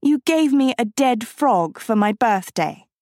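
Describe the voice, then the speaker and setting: A woman voices a bright teenage girl, high-pitched and eager, in a storybook reading. The voice sounds earnest and proud. Its lines swing widely. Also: lively intonation, a little slow, dry recording, studio quality.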